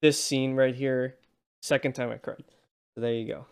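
A man chatting casually about a film, halting and repeating words as he restarts his sentences. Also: mid-range voice, fairly even intonation, vocal fry, darkish tone, clean tone. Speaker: film discussion co-host. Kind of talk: casual chat.

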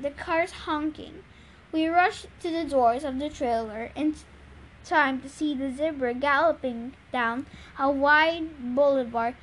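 A woman reads a novel aloud in an earnest, plain manner. Her voice sits high. A faint hiss of noise runs under the recording. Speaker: reader.

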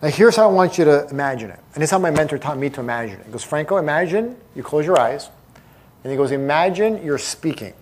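A man's voice: fairly high pitch, very fast, a little mellow. A man leading a live seminar, speaking emphatically and asking the audience questions directly. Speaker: motivational speaker.

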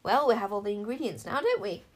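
Woman playing a brisk, clever young bodyguard. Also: mid-range voice, lively intonation, lightly acted. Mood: brisk polite. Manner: brisk and polite.

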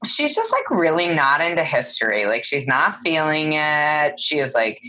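A young woman co-hosting a casual chat, animated and full of fillers, swearing now and then. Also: low-pitched, normal speed, faint music behind. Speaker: podcast co-host.

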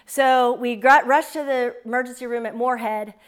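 Woman in her forties, high voice, earnest fervent testimony, storytelling to a congregation. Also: steady tone, moderate pace, clear, resonant tone. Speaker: speaker sharing a testimony. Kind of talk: emotional personal testimony.

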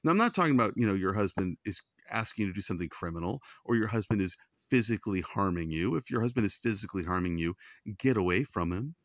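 A man's voice: fairly low pitch, expressive, quick pace, dry recording, muffled recording. A man hosting a devotional podcast, giving earnest, conversational Bible teaching straight to his listeners. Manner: earnest, pastoral, addresses listeners directly.

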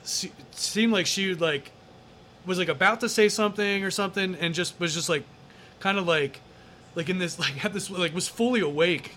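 A man with a bright, forceful voice pitched a little high, telling a story in a loose, rambling way. He leans on fillers and throws in swear words. A faint background hum sits under him. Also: moderate pace. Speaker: interview guest. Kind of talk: casual storytelling.

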